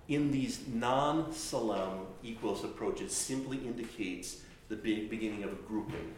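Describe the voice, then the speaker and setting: Man lecturing in an echoey room. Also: lowish voice. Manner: explanatory, halting with restarts, demonstrates phrases by singing and speaking. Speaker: chant teacher. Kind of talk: classroom lecture. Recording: very echoey room with faint noise.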